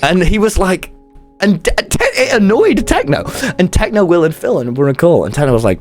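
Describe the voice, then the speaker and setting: A young man tells a story in a rambling, casual way, peppered with swearing. His pitch swings widely as he talks. Faint music plays underneath. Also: huge pitch swings, a little fast. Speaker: guest telling stories. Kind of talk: casual chat.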